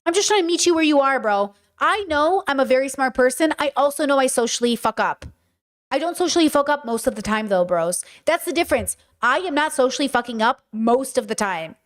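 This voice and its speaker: A woman in her thirties with an American accent, hosting a casual podcast monologue, animated and swearing often as she acts out her own reactions. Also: sits high, brisk. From United States. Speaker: podcast host.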